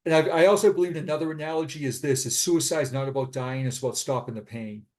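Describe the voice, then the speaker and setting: A middle-aged man, a retired police sergeant, telling his own story as an interview guest in an earnest, halting way, often repeating himself. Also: fairly high pitch, darkish tone. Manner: earnest, halting, with frequent repetitions. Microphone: remote call.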